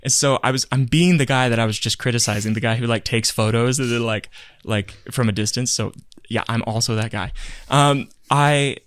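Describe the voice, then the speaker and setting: A man co-hosting a casual podcast, his voice sitting at an ordinary middle pitch. He tells a rambling, animated story, full of fillers and self-corrections, and acts out what people said. The sound is dry and close, with no room echo. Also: moderate pace, few pauses. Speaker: podcast co-host. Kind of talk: casual chat.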